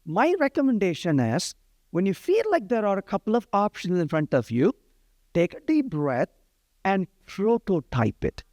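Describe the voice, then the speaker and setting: A man's voice: high voice, sing-song, moderate pace, a little mellow, no room sound, clean studio sound. A middle-aged man giving a live-coding lecture, talking in a conversational way and often checking in with "right?". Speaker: programming instructor.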